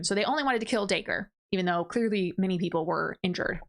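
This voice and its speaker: A woman book reviewer casually recapping a plot in a chatty way, with quick asides, brief laughs and short bits where she mimics the characters. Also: mid-range voice, creaky.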